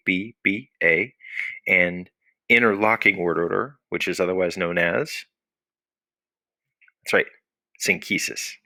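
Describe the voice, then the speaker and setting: A man teaches a recorded Latin lesson in a very low voice with a bright, forward edge. He explains patiently, often asks a question and answers it himself. The sound is close and dry. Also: no echo.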